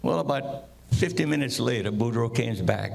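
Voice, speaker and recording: A man's voice: mid-range voice, lively intonation, moderate pace, gravelly, darkish tone. A man telling folksy Cajun jokes to an audience, drawling and switching into his characters' voices. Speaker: joke teller. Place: live session in front of an audience.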